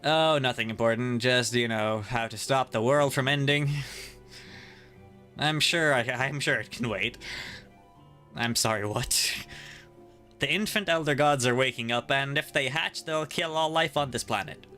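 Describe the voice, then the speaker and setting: A man's voice: mid-range voice, measured pace, sharp tone, soft background music. Jokey male streamer reading game lines. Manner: jokey, laughs often, reads every character's lines. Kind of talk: casual playthrough with voiced reading.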